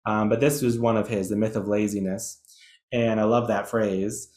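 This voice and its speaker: A man's voice: fairly low pitch, steady tone, moderate pace, a little mellow, echoey room. A man presenting an educational webinar in a chatty, enthusiastic way, with some self-deprecating asides. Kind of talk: webinar lecture.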